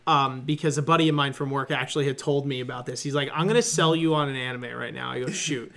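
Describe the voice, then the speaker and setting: A man co-hosting a casual anime podcast, telling a story in an animated way, laughing and swearing often. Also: medium pitch, fast talker. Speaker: podcast co-host. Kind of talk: casual chat.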